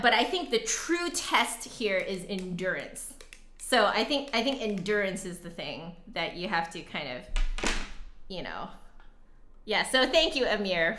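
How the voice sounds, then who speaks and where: A woman's voice: medium pitch, sharp tone, a little hiss or hum. A young woman musician chatting casually with her live-stream audience, giggling often and a little out of breath. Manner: chatty, giggly, reads chat aloud. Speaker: flutist streamer.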